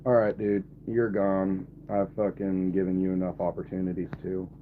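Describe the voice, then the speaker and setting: A man's voice: low-pitched, little pitch movement, normal speed, a little hiss or hum. A man in his twenties live streaming and talking to his chat, blunt and irritated, swearing often. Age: 20s. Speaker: livestreamer. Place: camper. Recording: tinny phone-like audio, faint ambience.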